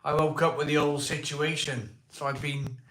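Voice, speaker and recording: A Welsh man with a voice hoarse from a cold, hosting a casual live stream, greeting viewers by name and asking for likes. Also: a little high, level tone, normal speed, bright, forceful tone, a little hiss or hum. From Wales. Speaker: livestream host. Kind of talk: casual live chat reading viewer comments. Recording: echoey room.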